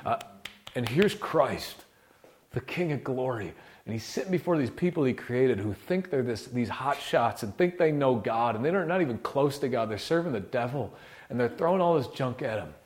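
A man delivers a sermon in a mid-pitched voice, talking casually with plenty of fillers. He drops to hushed, low murmurs, then climbs to loud, impassioned peaks. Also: animated, normal speed. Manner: casual slangy preaching with many fillers. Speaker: preacher.

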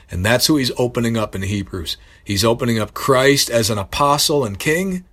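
A man preaching a sermon, earnest and building to emphatic bursts, pausing to correct himself. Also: fairly low pitch, fairly bright tone, husky.

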